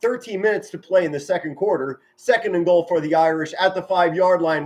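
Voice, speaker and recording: A middle-aged man giving excited live football play-by-play from home, shouting big plays and chatting warmly with his viewers. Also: high-pitched, brisk, few pauses. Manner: enthusiastic, yells touchdown calls, chatty and sentimental with viewers. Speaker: amateur play-by-play commentator streaming live.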